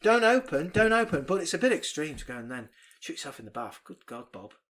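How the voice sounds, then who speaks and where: A man co-hosting a casual film podcast, recapping the plot in an animated, sweary way and putting on quick mock voices. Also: mid-range voice. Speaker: podcast co-host. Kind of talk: casual film review chat.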